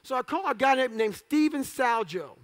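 A man's voice: very high voice, very animated, normal speed. A man giving a motivational speech, telling his story in blunt, clipped phrases with profanity and self-mocking humor. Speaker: motivational speaker.

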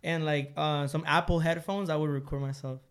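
A man's voice: on the high side, fairly even intonation, brisk, clean tone. Slangy, laid-back young man. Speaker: musician guest. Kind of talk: casual chat.

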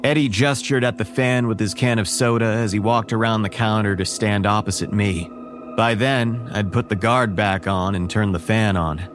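Man, first-person horror narration, somewhat low voice, measured and wary, faint music behind. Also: steady tone.

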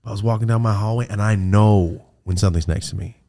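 A man hosting a podcast, telling ghost stories in casual chat, with heavy swearing and animated delivery. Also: lowish voice, fast. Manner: profane, animated storytelling. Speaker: podcast host.

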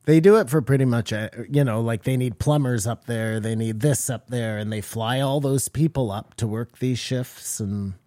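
A man's voice: medium pitch, moderate pace, few pauses, dark tone, dry recording, clean studio sound. A man chatting on a podcast in a loose way, sometimes losing his thread. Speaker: podcast co-host. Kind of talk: casual podcast chat.

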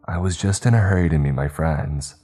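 A man's voice: low-pitched, brisk, mellow, slightly rough. A man voicing a wary young woman who answers defensively and firmly, reading the story aloud. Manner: defensive, guarded replies. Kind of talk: storytelling narration.

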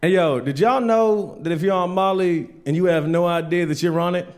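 A man's voice: sits high, fairly quick. A man doing a stand-up comedy set, telling loose stories with lots of swearing and acted-out voices of friends. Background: audience laughter.

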